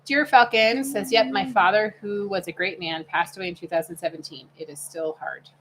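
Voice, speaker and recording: A woman's voice: mid-range voice, steady tone, moderate pace, a bit bright, slight background noise. A middle-aged woman co-hosting a casual livestream, reading viewer comments aloud in a chatty, motherly way. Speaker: livestream co-host.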